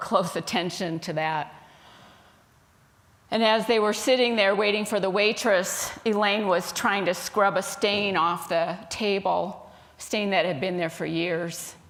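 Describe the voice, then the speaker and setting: Woman minister softly telling a story. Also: mid-range voice. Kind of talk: sermon storytelling.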